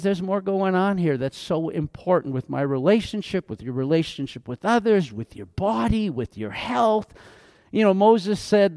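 A man preaching a sermon as pastor, animated, acting out quoted voices as he goes. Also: sits high, no room sound, studio quality.

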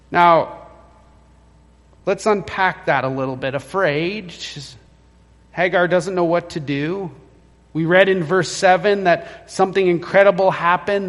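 A man's voice: high voice, steady tone, a little slow. A male pastor preaching a sermon in a church, telling the story and acting out the quoted lines. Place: church sanctuary. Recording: long church reverb.

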